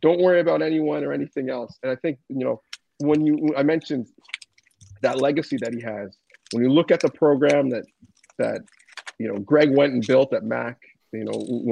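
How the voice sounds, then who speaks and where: Man, gravelly, husky voice, earnest reflective tribute, slightly dull sound. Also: medium pitch, dark tone, no room sound. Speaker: former player and sports journalist.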